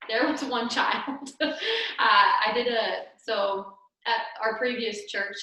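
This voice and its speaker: Chatty young woman, echoey distant room. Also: mid-range voice. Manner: chatty, animated, laughs often, many fillers. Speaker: children's ministry trainer. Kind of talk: casual training talk. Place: church room.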